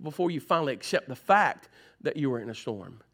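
A man's voice: medium pitch, fairly quick. A man, preaching a sermon and acting out his own stories. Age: 40s. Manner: animated storytelling, acts out his own dialogue. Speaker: pastor.

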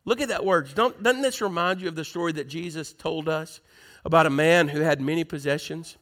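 A man's voice: fairly high pitch, fairly quick, a bit bright. A man preaching a sermon in church, reading scripture aloud and asking the congregation questions.

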